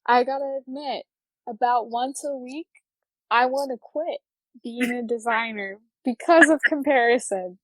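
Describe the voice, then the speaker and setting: Slow-talking high-voiced woman host. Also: no room sound. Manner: giggly, self-deprecating. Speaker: podcast host. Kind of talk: casual chat.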